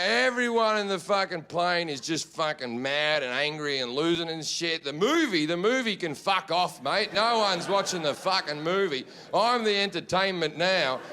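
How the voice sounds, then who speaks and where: A man doing stand-up comedy, telling a story in a profane, animated way and acting out the characters. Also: high voice, moderate pace, slight background noise. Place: comedy festival stage.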